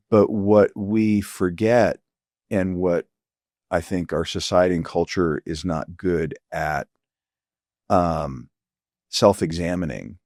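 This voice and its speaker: A middle-aged man with a very low voice talks earnestly, pausing often and hunting for the right words as he reflects. He sounds close to the mic in a dry, dead room with no echo. His tone can turn quietly emotional. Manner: halting, searching for words, many fillers. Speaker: physician guest. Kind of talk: reflective interview conversation.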